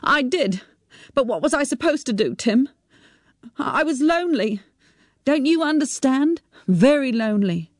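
Upset middle-aged mom, pleading and defensive, slow delivery, dry sound, voiced by a woman. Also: fairly high pitch, lively intonation, a little mellow, dry recording, voice pushed up, full character voice. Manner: pleading, emotional.

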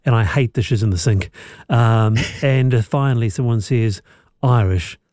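A man hosting a radio talk show, lively and quick to laugh, speaking into a studio mic. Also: mid-range voice, no echo. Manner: lively, laughing, repeats words. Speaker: radio host.

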